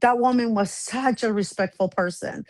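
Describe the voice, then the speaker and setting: A woman guest telling a personal story in casual chat, animated, acting out the back-and-forth she describes. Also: fairly high pitch, normal speed, dry recording. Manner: animated, acts out quoted exchanges.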